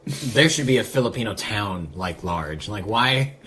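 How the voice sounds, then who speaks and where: A man's voice: on the low side, expressive, measured pace, bright, forceful tone. A young man co-hosting a podcast, joking crudely and laughing often in casual chat. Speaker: podcast co-host. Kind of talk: casual chat, comedy game.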